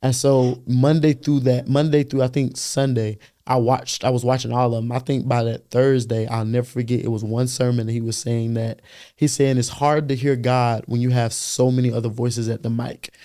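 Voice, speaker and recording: A young man speaks with a mellow, warm tone at a middle pitch, telling his testimony in a relaxed podcast conversation. He is earnest and animated, acts out the voices of people in his story, and circles back over repeated words while he gathers his thoughts. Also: moderate pace. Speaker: guest, youth pastor and worship leader.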